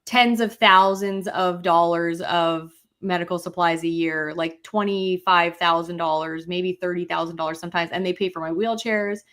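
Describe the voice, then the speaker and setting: Woman, podcast co-host, casual storyteller with lively self-quoting. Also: moderate pace, few pauses. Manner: animated storyteller, quotes herself in higher voice. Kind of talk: casual chat.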